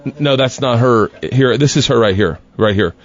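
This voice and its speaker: A male comedian telling a story as a guest on a radio show, animated and excitable, often breaking into laughter. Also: mid-range voice, normal speed, muffled recording.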